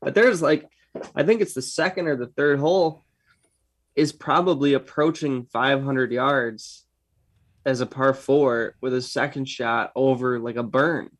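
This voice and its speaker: A man's voice: mid-range voice, fairly even intonation, measured pace, no room sound. A man co-hosting a golf podcast, chatting casually and laid-back, with slang like "dude". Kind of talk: casual chat.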